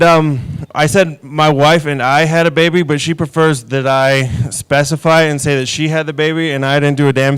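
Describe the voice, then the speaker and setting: A man in his thirties doing stand-up comedy, telling stories about his kids with a deadpan, self-mocking delivery. His voice is smooth and clear and sits a little high. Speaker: stand-up comic.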